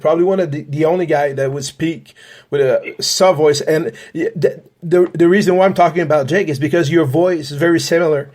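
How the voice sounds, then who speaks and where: A man with a fairly high voice hosts a casual podcast interview. He rambles and restarts often, stacking fillers as he circles toward his questions. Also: fairly even intonation, brisk, darkish tone. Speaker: podcast host, paranormal investigator.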